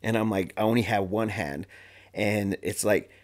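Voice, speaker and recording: A man with a somewhat low voice talks casually as a podcast guest. He tells his story in an animated, slangy way, with lots of fillers and restarts. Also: normal speed. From Arizona.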